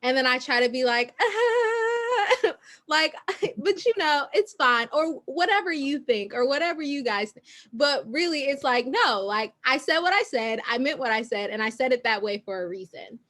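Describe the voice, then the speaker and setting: A woman's voice: high-pitched, expressive, moderate pace, fairly bright tone. A woman moderating a panel, talking casually with many fillers and light laughter. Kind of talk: panel discussion.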